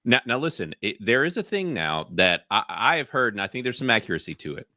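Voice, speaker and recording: A man talking casually on a podcast, explaining a point with lively "listen" and "you know" asides. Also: mid-range voice, quick pace, dry recording, clean studio sound. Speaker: podcast guest.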